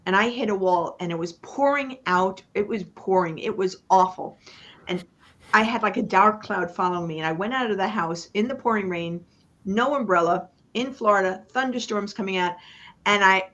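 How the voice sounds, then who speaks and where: A woman coach gives a motivational talk on a live online panel. Her pitch sits in a middle range, and she hammers home points in chant-like repeats with dramatic pauses. The stream audio sounds a bit dull and lo-fi. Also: a bit bright. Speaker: business coach guest.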